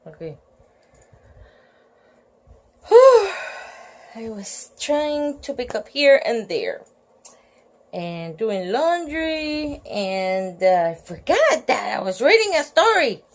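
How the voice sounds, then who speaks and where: A woman's voice: fairly high pitch, big pitch swings, takes it slowly. A woman reading a children's storybook aloud at home at night, giggling and breaking off with chatty asides.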